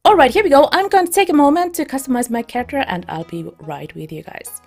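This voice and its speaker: A fairly high-voiced woman hosts a let's play, talking to her viewers in an excitable, chatty way. Her commentary is casual and upbeat. Game music plays faintly in the background. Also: fast. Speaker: let's play streamer and host.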